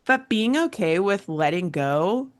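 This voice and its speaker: A woman host and coach in casual panel chat, telling a story with animated asides and laughs. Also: mid-range voice, a little slow.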